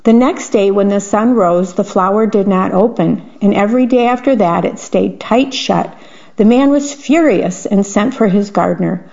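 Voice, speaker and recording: Woman, storyteller, gentle picture-book reading, gravelly voice, dull lo-fi recording. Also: medium pitch, moderate pace. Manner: gentle, adds her own picture comments. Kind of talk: reading picture books aloud.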